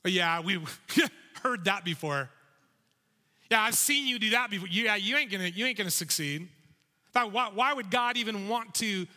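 A man's voice: high voice, sharp tone, heavily acted. A man voicing scornful male onlookers who mock a seeker, sneering and dismissive, in a reverberant hall.

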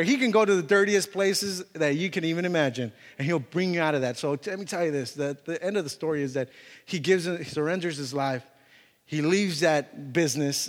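A man preaching a sermon and telling a story, animated and full of fillers and restarts. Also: on the high side, big-room sound. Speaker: pastor.

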